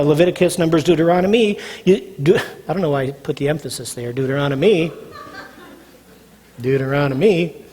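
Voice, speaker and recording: With a high-pitched, breathy voice, a man delivers a sermon as a pastor, emphatically repeating phrases and posing questions to listeners before answering them. The recording carries a long hall reverb.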